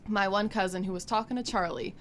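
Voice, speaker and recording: A young woman tells a story on a college radio show, talking casually and acting out the quotes with lots of drama. Her pitch sits in an ordinary middle range. There is a faint hiss of noise behind her in the studio. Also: fairly quick. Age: young adult. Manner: animated storyteller, acts out voices. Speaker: college radio e-board member.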